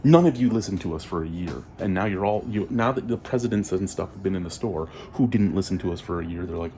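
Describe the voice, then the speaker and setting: A man venting his frustration in a vlog, ranting and swearing freely and climbing toward near-shouting. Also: low-pitched, animated, fast talker, hardly any pauses, slight background noise. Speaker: vlogger and store worker.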